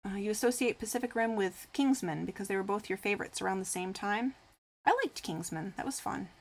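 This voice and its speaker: A woman's voice: mid-range voice, fairly quick. A woman streamer chatting casually with her live viewers, rambling and full of fillers, reading comments aloud and answering them. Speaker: craft streamer.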